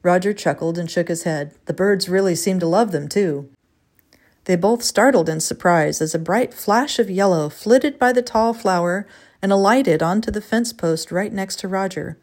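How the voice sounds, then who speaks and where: A woman narrating a written story in a measured, expressive way. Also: mid-range voice. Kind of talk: scripted storytelling.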